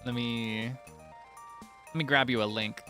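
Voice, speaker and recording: A young man casually chatting while streaming a farming game, playful and excitable with sudden squealing highs. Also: unhurried. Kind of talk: casual game livestream chat. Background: faint game music.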